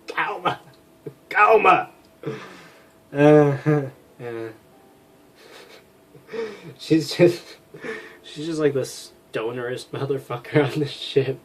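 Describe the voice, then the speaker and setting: A man's voice: medium pitch, steady tone, very slow, long pauses, darkish tone, slight background noise. A man casually commenting on a story game, laughing often, swearing, and rambling. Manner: giggly, profane, rambling. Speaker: let's play host.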